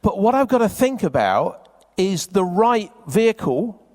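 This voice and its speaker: A man speaks live to a seminar audience in a conference hall, chatty and teasing as he quizzes the crowd. His high voice is very animated yet measured in pace and a little mellow, with the long reverb of a large hall around him.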